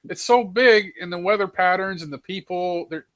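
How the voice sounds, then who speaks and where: A man's voice: sits high, normal speed, a bit bright. Laid-back man. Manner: laid-back, says "man" and "dude" a lot. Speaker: panelist. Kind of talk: casual chat.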